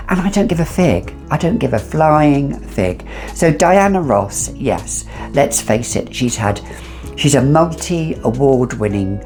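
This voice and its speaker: A middle-aged woman with a remarkably deep, gravelly voice talks through a fragrance review in a chatty, opinionated way, full of sassy asides. Soft music plays faintly underneath.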